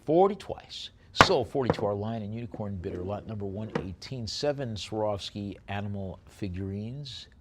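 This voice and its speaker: A man calling a live auction, rattling off bids in a quick chant and slowing down to describe each lot. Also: on the low side, expressive, very noisy. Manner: rapid bid-calling chant alternating with slower item descriptions.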